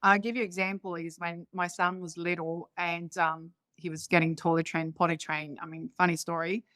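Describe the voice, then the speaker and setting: A woman's voice: lowish voice, little pitch movement, moderate pace, fairly bright tone, dry recording. A woman in her fifties speaks English with a Croatian accent and loose, non-native grammar. She wanders from one family story to the next in a casual conversation. The sound is dry and close. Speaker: guest.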